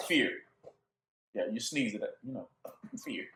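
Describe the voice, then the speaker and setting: Man, informal preacher, call-and-response delivery, animated, echoey room. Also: mid-range voice, slow, a little hiss or hum. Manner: call-and-response questions, joking, laughing. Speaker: bible teacher. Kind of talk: informal sermon.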